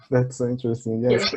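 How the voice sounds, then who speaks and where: A man's voice: medium pitch, darkish tone, poor audio. A Brazilian man speaking English with a Brazilian accent, chatting in a friendly way on an online call, often laughing and restarting his sentences. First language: Portuguese. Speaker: channel host, English learner. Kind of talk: casual conversation.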